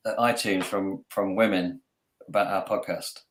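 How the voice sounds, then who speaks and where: A man's voice: sits low, steady tone, moderate pace, slight background noise. A man working as a coach, talking earnestly on a podcast and repeating phrases for emphasis. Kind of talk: podcast conversation.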